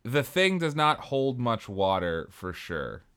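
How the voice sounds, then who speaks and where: A man's voice: mid-range voice, big pitch swings, slow, fairly bright tone, smooth. A man co-hosting a podcast in casual chat, chiming in with wry jokes and agreement. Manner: wry, joking interjections. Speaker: podcast co-host.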